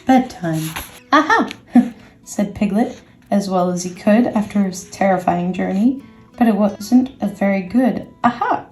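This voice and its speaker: Woman reading a kids book out loud, mellow warm voice, echoey room, soft music. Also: medium pitch, normal speed. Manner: gentle, expressive storytelling. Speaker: storyteller. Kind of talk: reading a children's book aloud. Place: indoors, workspace.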